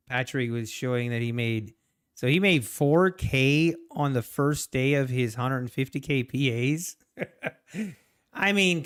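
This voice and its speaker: A man talks casually through a live trading session, his voice smooth and clean. He rambles in loose, chatty stretches and answers viewers' messages between thoughts. His pitch sits in an ordinary middle range. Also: a bit bright. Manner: rambling, chatty, reads chat aloud. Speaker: trading streamer. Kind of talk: casual live-stream commentary.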